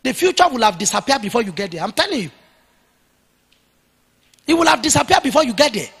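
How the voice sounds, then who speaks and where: A man preaching a sermon as pastor, emphatic and at times dictating his points slowly for notes. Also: very high-pitched, sing-song, a bit bright, breathy edge, big-room sound. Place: church hall.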